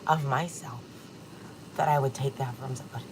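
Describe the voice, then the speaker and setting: A woman's voice: extremely low pitch, fairly even intonation, a little fast, heavy background noise. A woman in her forties hosting a casual livestream from her kitchen, talking candidly and emotionally and swearing freely, close to tears. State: tearful. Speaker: livestream host. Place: home kitchen.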